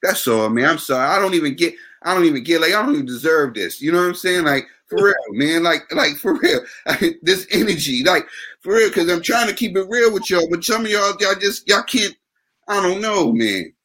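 A man's voice: sits high, animated, fairly quick, pushed and bright. A man co-hosting a casual boxing talk show, ranting with passion and repeating himself. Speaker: podcast co-host.

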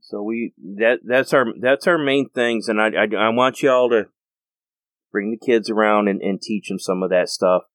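Earnest low-voiced American man. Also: normal speed, fairly bright tone, no room sound. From United States. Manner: earnest, rambling with restarts. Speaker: host. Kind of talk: casual monologue.

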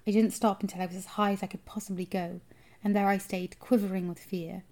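A woman reads a children's novel aloud for a podcast, putting drama into the tense moments. Her telling is expressive and steady, at an ordinary pitch. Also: fairly quick. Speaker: podcast co-host reading aloud.

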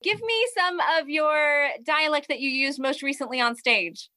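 A woman's voice: high voice, moderate pace, sharp tone. A woman hosting a casual interview, asking curious, encouraging questions. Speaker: interview host.

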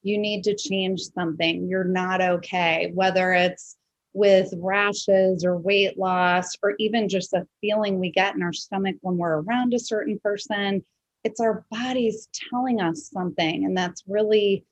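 A woman hosts a casual podcast interview, speaking reflectively and conversationally with many fillers. Her mid-range voice is steady and a little slow, in a dry, rough recording.

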